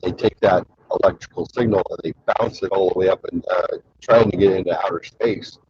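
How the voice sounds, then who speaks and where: A man hosts his own show, telling long rambling stories full of fillers and crude jokes. His voice is low and very husky. The recording sounds dry and a bit dull, like a lo-fi mic. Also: steady tone, fairly quick, a little mellow, no echo. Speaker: show host. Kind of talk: casual rambling storytelling.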